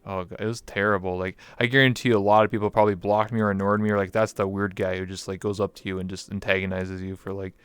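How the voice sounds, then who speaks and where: A man's voice: sits low, level tone, fast talker, hardly any pauses, a bit bright, clean tone, dry recording. A man from Canada, a guest talking in a candid, reflective way with many fillers. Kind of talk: casual interview chat.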